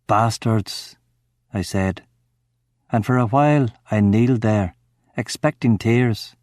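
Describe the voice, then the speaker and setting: A man's voice: on the low side, measured pace, no echo, clean studio sound. A man reading a thriller audiobook, acting out the dialogue dramatically. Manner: dramatic, acts out the shouting dialogue. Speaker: audiobook narrator. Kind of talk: scripted audiobook narration.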